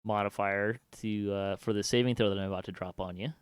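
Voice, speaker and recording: A man running a tabletop game as game master on a stream, talking in a relaxed, halting way full of fillers. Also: on the low side, clean tone, no room sound, clean studio sound.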